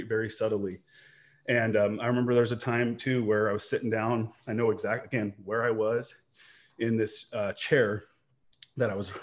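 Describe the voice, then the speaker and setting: A man who runs an online business and coaches, talking earnestly and reflectively on a video call, rambling with restarts and checking in with "right?". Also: fairly low pitch. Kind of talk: candid personal storytelling in a video-call interview.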